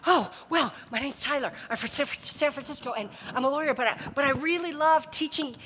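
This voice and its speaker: A woman's voice: high-pitched, sharp tone, long reverb tail, slight background noise. A woman doing an eager, breathless young man. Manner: rushed, stumbling, over-eager.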